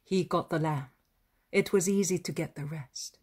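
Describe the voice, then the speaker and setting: A woman voicing a calm, kindly male teacher who speaks gently to poor listeners. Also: sits low, normal speed, breathy edge. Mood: gentle. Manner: gentle and welcoming.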